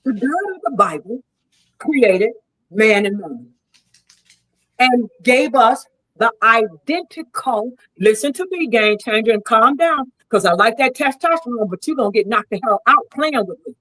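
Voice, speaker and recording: A woman's voice: on the high side, animated, moderate pace, sharp tone, poor audio. A woman in a heated debate, arguing in a combative, preachy way and leaning on scripture. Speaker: debate guest.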